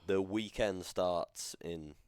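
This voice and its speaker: A man's voice: sits low, slow, a little mellow, clean tone, no room sound, studio quality. A drunk man hosting a casual podcast. He rambles, loses his train of thought and laughs a lot. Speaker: podcast host. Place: home studio.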